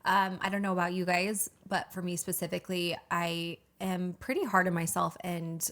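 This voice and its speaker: A woman's voice: fairly low pitch, normal speed. A young woman guest on a podcast, talking casually and playfully, with lots of fillers. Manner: animated and playful, filler-heavy.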